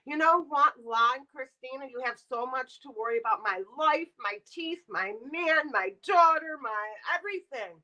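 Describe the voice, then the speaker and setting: Bright-voiced woman ranting on a livestream. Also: high voice, normal speed, hardly any pauses, dull audio. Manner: animated, blunt and sarcastic, addresses chat. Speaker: live streamer. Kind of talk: casual livestream rant.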